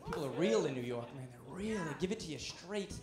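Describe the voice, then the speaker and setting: A man's voice: on the high side, lively intonation, brisk. A man doing a stand-up comedy set on a club stage, brash and punchy, with audience laughter behind him. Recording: echoey club with crowd.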